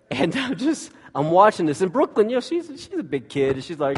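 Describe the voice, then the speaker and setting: A man's voice: a little high, a little fast, hardly any pauses, breathy edge. Man preaching in a reverberant hall. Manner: conversational, animated storytelling with asides. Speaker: pastor. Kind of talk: sermon with storytelling.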